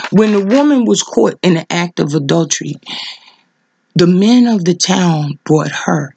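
Fervent gravelly-voiced woman preacher. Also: noisy background. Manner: fervent, repeats rhetorical questions, voice leaps high with emotion. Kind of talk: impassioned preaching vlog.

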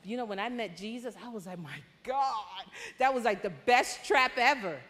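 A woman from Panama shares her life story as a conference speaker, chatty and lively, breaking into sudden excited outbursts. Her voice sits a little high. It rings with the long reverb of a large church hall. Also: moderate pace. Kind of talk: testimony talk.

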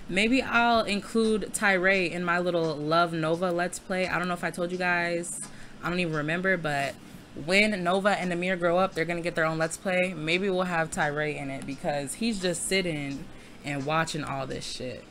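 A woman's voice: lowish voice, a bit bright, a little hiss or hum. A young adult woman giving casual, laughing gameplay commentary, chatting to viewers with lots of slang and cursing. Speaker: Let's Play creator.

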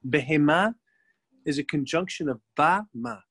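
A middle-aged man, a rabbi, teaching a religious class as a lively storyteller who acts out the people in his tale. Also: fairly high pitch, moderate pace, vocal fry, husky.

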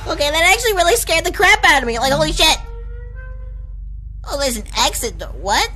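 Young woman host, let's-play commentary, high and bright, jumpy and quick to shriek, faint game music under her. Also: big pitch swings, low-quality recording. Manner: jumpy, easily startled, shrieks when scared. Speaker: gaming channel host.

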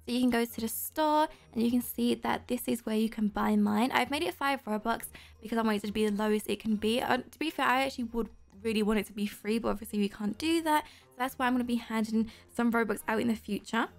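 Brief: young-sounding woman game streamer, high voice with vocal fry, bubbly, gasps and squeals a lot. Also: fast, few pauses. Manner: excitable, gushing, frequent gasps and squeals; talks straight to viewers. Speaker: YouTuber host. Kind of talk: Roblox gameplay commentary.

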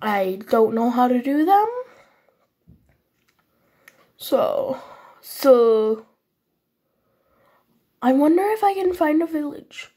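A woman talks through her Minecraft session in a high, mellow voice, unhurried and chatty. Her voice is slightly husky and sniffly from a recent cold. She keeps apologizing to her viewers and speaks in a vague put-on foreign accent. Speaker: gaming channel host. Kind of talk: casual Minecraft gameplay commentary.

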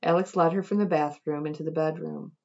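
Low-voiced woman reading a novel. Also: fairly even intonation, fairly quick, gravelly, a little mellow, lo-fi sound. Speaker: reader at a literature event.

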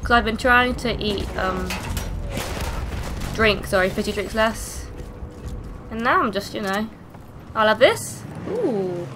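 Over a noisy background, a young woman with a mid-range voice and a cough hosts a gaming channel. Her let's play commentary is hyper and full of swearing.

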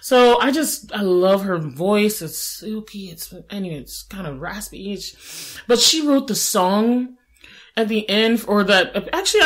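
A woman in her late twenties, co-hosting a podcast in casual chat, animated, with playful asides and frequent laughter. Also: on the high side. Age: 20s. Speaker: podcast co-host.

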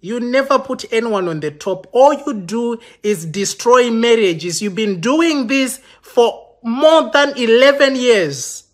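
A man with a notably high voice delivers a heated livestream rant. He sounds accusing and impassioned, and he trips over his words and restarts often as he addresses his viewers. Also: lively intonation, slow pace, hardly any pauses. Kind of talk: live-streamed rant to viewers. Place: London.

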